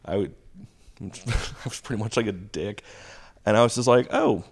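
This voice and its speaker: A man in his thirties, a stand-up comic and drama teacher, telling stories casually and acting out quotes in a higher pitch. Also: moderate pace. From Houston, Texas. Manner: animated storytelling, acting out quotes with a jump in pitch. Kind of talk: casual storytelling.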